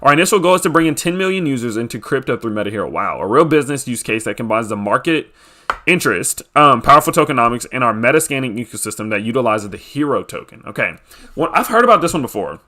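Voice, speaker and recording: A young man hosts a casual crypto video. He reads a white paper aloud and keeps breaking in with quick, excited reactions. His voice moves up and down a lot as he talks. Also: medium pitch. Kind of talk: casual screen-share commentary, reading a white paper aloud.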